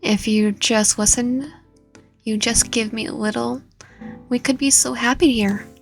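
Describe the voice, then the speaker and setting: A woman voicing a possessive, menacing young yandere boyfriend in a low, hushed, threatening whispered role-play. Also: steady tone, measured pace, vocal fry, faint music behind. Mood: pleading.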